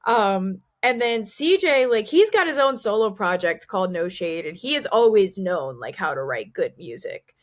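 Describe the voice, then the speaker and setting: Animated young woman telling stories. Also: mid-range voice, normal speed, few pauses. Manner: animated storyteller, swears casually, quotes others. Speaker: band singer, interview guest. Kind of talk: casual interview chat.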